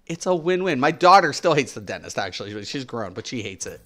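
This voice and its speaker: A man's voice: mid-range voice, big pitch swings, a little fast, pushed and bright. A middle-aged man streaming games, ranting with exasperation, repeating his points emphatically and swearing as he talks to his viewers. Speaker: game streamer.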